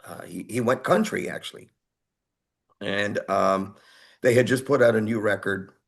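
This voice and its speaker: Male metal singer guest; gravelly, low-pitched, lively storyteller. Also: moderate pace. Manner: animated storyteller, acts out quotes, laughs often. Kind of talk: storytelling in an interview.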